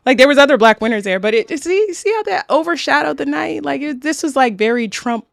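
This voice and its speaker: A woman's voice: high-pitched, animated, brisk, creaky, dry recording, studio quality. A woman co-hosting a podcast, talking bluntly and with animation in casual chat, swearing freely. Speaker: podcast co-host.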